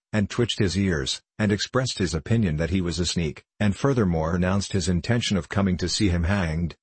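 A man narrating a classic novel as an audiobook in a measured, formal storytelling manner. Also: low-pitched, husky, no echo.

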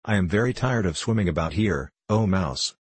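Storybook girl, curious, polite and chatty, read by a man in a deep, husky voice. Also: lively intonation, moderate pace, no echo. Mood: wondering. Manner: chatty, eager, prone to rambling on. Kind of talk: audiobook character reading.

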